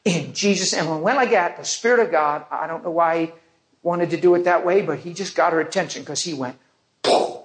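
A man's voice: on the high side, fairly quick. A man preaching a testimony, telling a vivid story and acting out the people in it.

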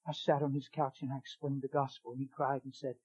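A middle-aged man preaching, telling a testimony in a dramatic way that swings from loud exclaiming to a hushed near-whisper. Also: mid-range voice, flat delivery, brisk, husky, lo-fi sound. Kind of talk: sermon testimony storytelling.

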